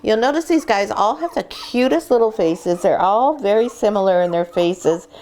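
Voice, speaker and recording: A woman breeder sits among a litter of puppies, explaining training steps and then easing into a soft, coaxing voice to settle them. Faint background noise sits under her voice, along with the small sounds of puppies shuffling nearby. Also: mid-range voice, expressive, normal speed. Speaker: dog breeder. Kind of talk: instructional vlog, talking to puppies. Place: sitting in a whelping box with puppies.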